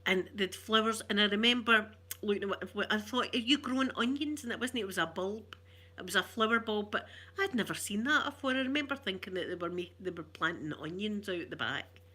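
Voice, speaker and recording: A middle-aged Glaswegian woman chatting softly and rambling to viewers on an ASMR livestream. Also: mid-range voice, expressive, brisk, husky. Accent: Glaswegian Scottish. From Glasgow, Scotland. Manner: soft-spoken, rambling, warm chatter with viewers.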